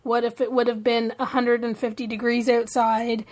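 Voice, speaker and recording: A woman's voice: on the high side, flat delivery, moderate pace, darkish tone. A woman co-hosting a podcast from Canada, chatting casually, often laughing and trailing off mid-sentence. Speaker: podcast co-host. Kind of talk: casual chat.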